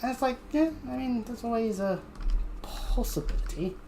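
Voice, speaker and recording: A woman's voice: a little high, moderate pace, mellow, a little hiss or hum. A woman livestreaming a game, rambling casually with joking asides to herself while she plays. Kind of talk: casual gameplay commentary.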